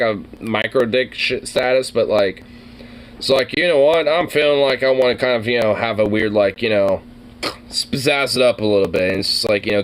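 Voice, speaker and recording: A man's voice: medium pitch, slight background noise. A man casually reacting to videos, rambling, joking crudely and laughing often.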